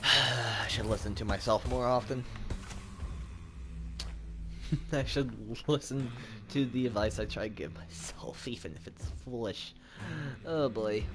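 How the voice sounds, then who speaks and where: A man giving casual, rambling gameplay commentary, mocking himself and talking to his character. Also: noisy background. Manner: unhurried, with sudden squeaky jumps in pitch. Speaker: gaming channel host.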